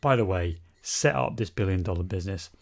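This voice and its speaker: A man co-hosting a podcast in casual, animated chat, swearing and laughing as he talks. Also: sits low, fairly quick, creaky. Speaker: podcast co-host.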